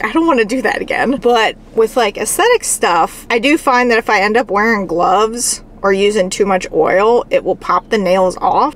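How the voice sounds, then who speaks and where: Woman vlogger, mid pitch, casual rambling chat, faint background noise. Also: fairly bright tone. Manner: chatty and rambling, with frequent "like" fillers. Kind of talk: casual vlog chat to camera.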